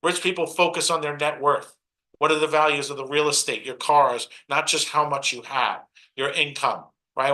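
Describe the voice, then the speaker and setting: Punchy, bright-voiced Brooklyn man preaching. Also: on the high side, steady tone, moderate pace, rough recording. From Brooklyn, New York. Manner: preachy, punchy, mocks others in put-on asides. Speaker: motivational speaker. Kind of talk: motivational stage talk.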